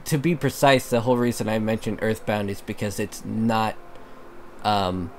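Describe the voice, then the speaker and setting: A man's voice: lowish voice, steady tone, normal speed, a little hiss or hum. A man hosting a let's play, chatting casually and rambling with a friend about games. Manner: chatty, rambling, laughs often. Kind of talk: casual gameplay commentary.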